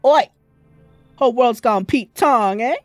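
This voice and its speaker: A woman reading the lines of a rough, cynical male drifter in a horror game, blunt and menacing. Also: a little high, measured pace, no room sound, soft background music, pitched above the performer's own voice, close to an everyday voice. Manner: blunt, menacing street talk.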